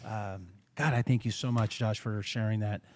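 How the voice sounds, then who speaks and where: A man's voice: on the low side, fairly even intonation, moderate pace, darkish tone. A man hosting a podcast, talking casually and calling his guest "man" and "bro". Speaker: podcast host.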